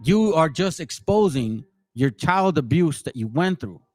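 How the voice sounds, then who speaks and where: A man's voice: fairly high pitch, lively intonation, unhurried, a little mellow, no room sound, soft background music. A man in his forties ranting as channel host, confrontational and slangy. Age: 40s. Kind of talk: heated rant to a commenter.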